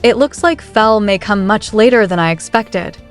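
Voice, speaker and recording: A woman's voice: medium pitch, normal speed, faint music behind, lightly acted. A woman voicing a blunt but caring young male duke in a recap story, in her own plain reading voice. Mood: matter-of-fact.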